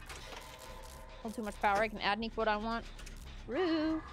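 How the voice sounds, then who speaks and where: A woman's voice: fairly high pitch, moderate pace, soft background music. A young woman livestreaming, chatting casually with her viewers, giggling often and swearing lightly.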